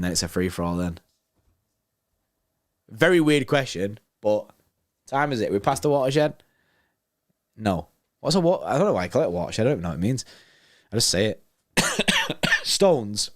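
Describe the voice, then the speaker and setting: A man's voice: mid-range voice, dry recording, studio quality. A young man hosting a football watchalong stream, chatting casually and joking as he reads out chat messages. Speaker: watchalong host reading live chat.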